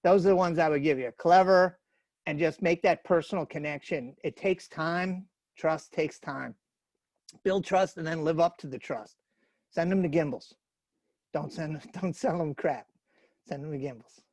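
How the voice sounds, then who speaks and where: A man from the New York area gives a casual webinar talk over a video call. His voice is fairly high for a man, and he tells folksy stories with plenty of fillers. The sound is close and dry. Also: no room sound. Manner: chatty, folksy storytelling with fillers. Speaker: webinar speaker.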